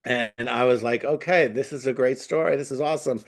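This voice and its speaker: A man from Long Island with a Long Island accent, a guest telling an animated story and acting out the voices in it. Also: medium pitch, a little fast, vocal fry. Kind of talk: casual storytelling.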